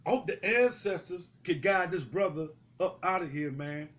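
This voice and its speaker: Heated high-voiced man ranting profanely. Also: animated, moderate pace, fairly bright tone. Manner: heated, confrontational, swearing, repeating himself. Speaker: street commentator. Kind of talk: profane street commentary to camera.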